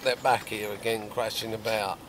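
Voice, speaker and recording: A middle-aged man, a carp angler, telling a fishing story outdoors by a lake in a lively, animated way with loud bursts. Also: lowish voice, normal speed, background noise. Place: outdoors at a lakeside swim.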